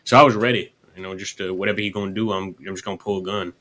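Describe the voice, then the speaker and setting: Western roleplayer, man, bright forceful voice, folksy and pushy. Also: low-pitched, steady tone, racing. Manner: folksy, profane, persuasive. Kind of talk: in-character roleplay chat.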